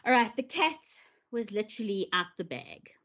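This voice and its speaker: A woman's voice: mid-range voice, big pitch swings, moderate pace, fairly bright tone, dull audio. A woman hosting a live-streamed interview, reading viewer comments aloud in an emotional way. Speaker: host.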